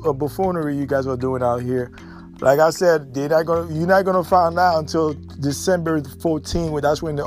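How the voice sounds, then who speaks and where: A man hosting a solo podcast, talking in an opinionated, repetitive way with many fillers and restarts. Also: on the high side. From United States. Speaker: podcast host.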